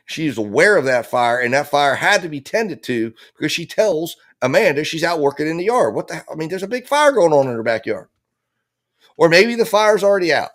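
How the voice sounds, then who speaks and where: A man's voice: fairly high pitch, a bit bright. A man commenting live on a murder trial, building his theory with heat and acting out the lines he imagines people saying. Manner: impassioned, theorizing, acts out quoted lines. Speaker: true-crime trial commentator.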